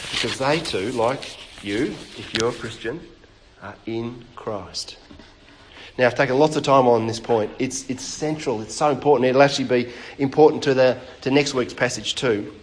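A man's voice: mid-range voice, slight background noise. A man preaching a sermon in a church, conversational and chatting with the congregation, often restarting phrases.

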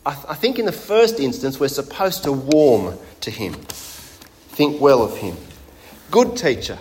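A man's voice: medium pitch, wildly swooping pitch, measured pace, darkish tone, slight background noise. A man preaching a sermon in a conversational way, putting rhetorical questions to his congregation.

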